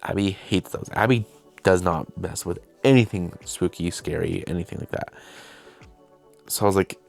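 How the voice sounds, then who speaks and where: A young man with a deep, low voice tells a loose, rambling story straight to camera. He is self-deprecating and often acts out what people said. Soft music plays faintly underneath. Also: normal speed, vocal fry. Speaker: video host and filmmaker.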